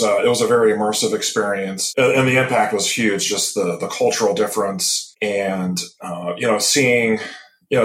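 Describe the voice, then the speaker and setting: A low-pitched man in his fifties from Michigan chats as a podcast guest. He tells his stories in a relaxed, rambling way, pausing often with fillers and restarts. The recording is roomy, with a noticeable echo. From Michigan, USA. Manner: relaxed, rambling storytelling with many pauses and restarts. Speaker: guest, tropical medicine specialist. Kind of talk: casual interview chat.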